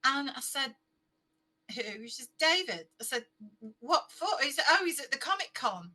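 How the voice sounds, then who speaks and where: A woman's voice: sits high, very animated, moderate pace, bright, forceful tone, rough recording. A middle-aged woman, a guest on an interview, chatting casually and telling stories. She laughs often and acts out what people said. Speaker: interview guest, fanfiction author.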